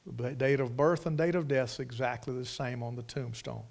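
A man's voice: medium pitch, moderate pace, creaky. A middle-aged man preaching a sermon in a folksy manner, swelling into emphatic bursts. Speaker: preacher, Bible college teacher.

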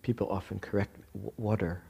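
A man with a New Jersey accent giving a reflective Zen dharma talk, halting with many pauses, fillers and restarts. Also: lowish voice, fairly even intonation, vocal fry, dark tone, breathy edge. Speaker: Zen meditation teacher.

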